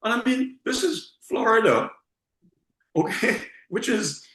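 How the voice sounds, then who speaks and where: A man's voice: high voice, animated, slow, a bit bright. Trinidadian man, casual talk, roomy sound. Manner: repeats words, leans on rhetorical "okay?". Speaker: guest. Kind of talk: casual conversation.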